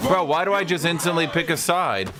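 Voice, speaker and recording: A man's voice: a little high, brisk, loud music behind the voice. A man giving casual gameplay commentary, full of incredulous, mocking asides. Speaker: gaming streamer.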